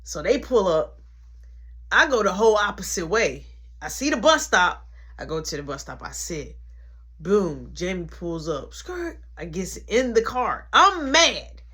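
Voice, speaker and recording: A woman's voice: medium pitch, a little slow, husky. A woman telling a comedic story in slangy casual talk, acting out everyone's lines. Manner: animated, acts out quotes, slangy.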